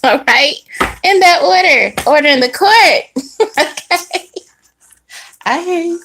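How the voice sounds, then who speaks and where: A woman's voice: high-pitched, sharp tone, slight background noise. A woman giving a casual tarot reading to her channel, sassy and chatty, full of slang, asides and laughs. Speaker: tarot reader.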